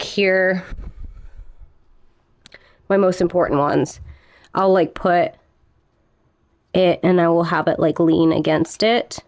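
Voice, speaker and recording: A woman's voice: fairly low pitch, no echo. A young woman chatting casually in a plant care vlog, a little out of breath and giggling now and then. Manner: chatty, giggly, talks softly to her plants. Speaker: plant vlogger.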